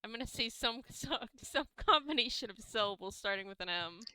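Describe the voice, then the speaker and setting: Bright, clear woman reading game rules. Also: a little high, expressive, brisk, dry recording. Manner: reads rules aloud, laughs easily. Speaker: player. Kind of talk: playing a tabletop game.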